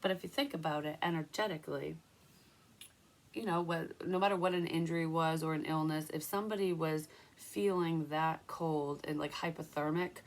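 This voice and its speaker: A woman's voice: low voice, steady tone, normal speed. A young woman doing a casual tarot reading, rambling through personal stories and swearing freely. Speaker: psychic tarot reader.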